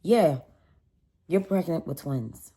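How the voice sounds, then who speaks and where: A young woman with a low, deep-set voice tells a personal story to her viewers in a relaxed, chatty way. She keeps calling them y'all. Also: slow, husky. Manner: chatty, addresses viewers as y'all, animated retelling. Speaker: vlogger telling a story. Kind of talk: casual storytime.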